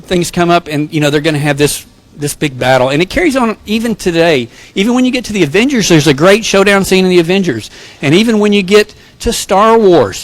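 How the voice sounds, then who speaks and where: A male pastor giving a sermon, telling jokes and self-deprecating personal stories. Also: high voice. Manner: joking, self-deprecating storyteller.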